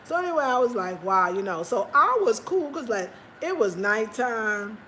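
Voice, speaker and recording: A woman's voice: moderate pace, slight background noise. Chatty American woman telling stories. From United States. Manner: animated storytelling, acting out quotes in high cries; chatty, talks straight to viewers. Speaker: livestream host. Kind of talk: casual livestream chat.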